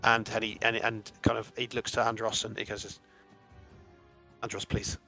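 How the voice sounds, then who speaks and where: A man's voice: lowish voice, completely flat delivery, brisk, pushed and bright. A man narrating a tabletop game as game master, rambling with many restarts. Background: faint music.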